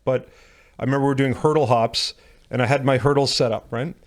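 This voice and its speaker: A man's voice: mid-range voice, fairly even intonation. A man, a strength and conditioning coach, guesting on a podcast and telling self-deprecating stories. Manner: quick anecdotal storyteller, self-deprecating. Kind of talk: casual podcast interview storytelling.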